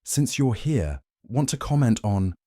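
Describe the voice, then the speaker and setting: A man's voice: mid-range voice, very animated, a little slow, warm tone, no echo, clean studio sound, pitched above the performer's own voice. A man voicing a sneering, pushy male photographer in his forties. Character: sneering middle-aged male paparazzo leader.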